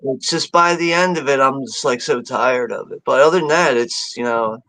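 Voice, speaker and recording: Relaxed chuckling man on a stream. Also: mid-range voice, moderate pace, low-quality recording. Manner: relaxed, chuckling, filler-heavy. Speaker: co-host on a watch-party stream. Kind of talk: casual livestream chat.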